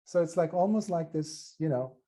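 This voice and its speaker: A man, a Buddhist monk, answering a question in an earnest dharma talk, often pausing and restarting as he searches for words. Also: fairly high pitch. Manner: animated, earnest, acts out quoted voices.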